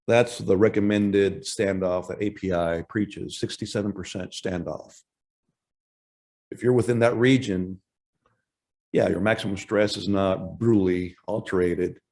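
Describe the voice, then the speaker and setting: A man giving a technical presentation at an industry workshop, talking in a halting way with frequent restarts and self-corrections. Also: low voice, darkish tone.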